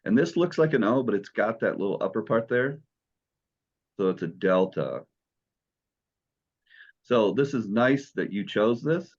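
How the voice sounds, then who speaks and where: Low-voiced man teaching a class. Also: lively intonation, unhurried, pauses often, highs cut off. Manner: patient, explains step by step. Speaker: Greek teacher. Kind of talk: classroom lesson.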